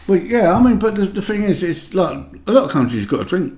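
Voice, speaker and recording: A man's voice: high voice, big pitch swings, brisk, darkish tone. An older man with a Cockney accent, co-hosting a podcast in casual chat, agreeable and fond of recalling the old days. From England. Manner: easygoing, agreeable, reminiscing. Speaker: podcast co-host. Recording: roomy echo.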